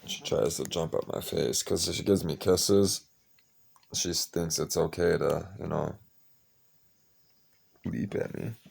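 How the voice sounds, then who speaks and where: A man's voice: low-pitched, slow pace, vocal fry, long pauses, a little mellow, slightly rough. A man talking casually to his kitten late at night, cooing baby talk mixed with offhand swearing. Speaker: pet owner.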